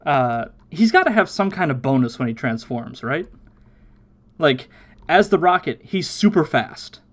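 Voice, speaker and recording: Podcast host guy recapping cartoon eps, kinda high voice, chatty and animated. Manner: animated recapping with quick put-on quotes and laughs. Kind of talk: casual watchalong podcast chat.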